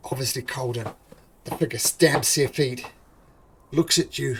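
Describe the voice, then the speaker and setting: A man runs a tabletop game as dungeon master, describing the scene in a mid-pitched, ordinary voice. He pauses, fills gaps and corrects himself as he narrates. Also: gravelly, husky. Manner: halting narration with fillers and self-corrections.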